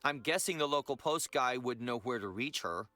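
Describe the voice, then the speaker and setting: An actor playing a new motel clerk who sounds hurried and flustered by too much work. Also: male voice, medium pitch, expressive, sharp tone, no room sound, soft background music.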